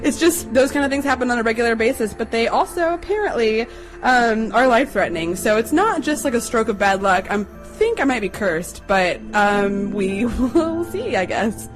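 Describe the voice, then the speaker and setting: A young adult woman chattily telling a personal story to listeners, acting out the quotes in a higher voice. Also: expressive, moderate pace, faint music behind, rough recording.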